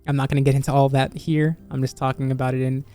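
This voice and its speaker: A video game YouTuber who is slowly losing their voice talks in a halting, earnest way, restarting phrases, over a studio microphone. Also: medium pitch, little pitch movement, soft background music. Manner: earnest, halting, many restarts and soft laughs. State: slowly losing voice, slightly hoarse. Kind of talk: reflective casual video commentary.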